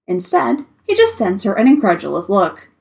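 A woman reading fan fiction aloud with expressive storytelling. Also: medium pitch, normal speed, vocal fry. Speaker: story reader.

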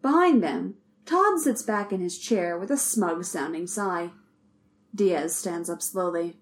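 A woman narrating a story in an even, measured reading voice. Her voice sits slightly low. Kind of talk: audiobook narration.

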